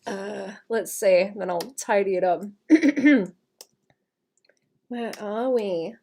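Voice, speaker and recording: A young woman chatting casually to her stream as she draws, muttering to herself and often clearing her throat. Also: mid-range voice, very slow, a little mellow, a little hiss or hum. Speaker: artist livestreaming. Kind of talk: casual streaming chat while drawing.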